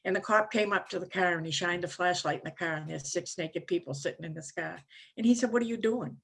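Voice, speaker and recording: At a conference, a woman in her seventies from Maine tells her recovery story, rambling and self-mocking with frequent "you know"s. She talks fast in a fairly low, creaky, somewhat bright voice.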